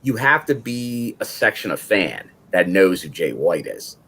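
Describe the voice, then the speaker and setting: A man's voice: low-pitched, very animated, a little slow, a bit bright. A man co-hosting a wrestling podcast in casual chat, explaining facts and often repeating words as he goes. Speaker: podcast co-host.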